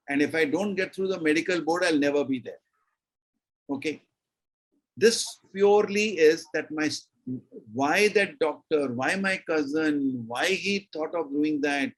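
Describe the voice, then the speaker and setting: Husky older Indian man, emphatic storyteller. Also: fairly high pitch, low-quality recording. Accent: Indian English. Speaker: interview guest, retired army brigadier. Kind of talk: storytelling in a conversation.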